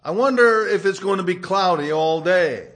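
A man's voice: sits high, lively intonation, moderate pace, a bit bright. A man voicing a happy little duck in a storybook fable told in a sermon. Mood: cheerful.

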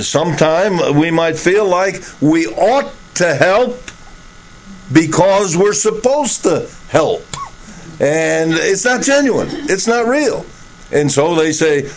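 A man's voice: a little high, poor audio. A man preaching a sermon, with emphatic, repetitive phrasing and occasional chuckles.

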